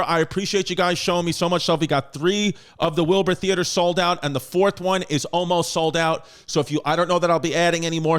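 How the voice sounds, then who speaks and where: A man's voice: on the high side, clean tone. A man hosting a podcast in a casual, joking manner, rattling off dates and teasing his guest. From United States. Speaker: podcast host.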